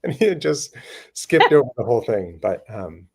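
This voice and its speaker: A man speaking as a panel guest in a casual discussion, earnest and animated, slipping quick quoted asides into his stories. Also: mid-range voice, gravelly, breathy edge. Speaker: panel guest on voting and redistricting.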